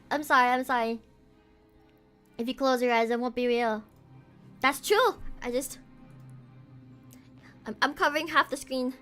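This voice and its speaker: High, bright-voiced woman streamer. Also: animated, slow, long pauses, faint music behind. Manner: jumpy, often breaks into yelps, swearing and nervous laughter. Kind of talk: reading a horror game's text aloud while playing.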